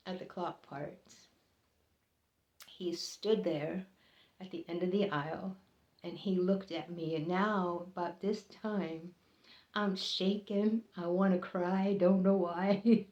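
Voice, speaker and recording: A woman telling a personal story in an earnest, halting way, often pausing and repeating herself as the feeling builds. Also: darkish tone. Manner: earnest, halting, emotional, voices others' lines higher. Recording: roomy, slightly dull recording.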